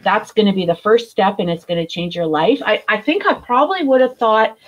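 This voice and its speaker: A middle-aged woman, a guest author in recovery, telling her story candidly, blunt and animated, swearing freely. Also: medium pitch, fairly quick, muffled recording.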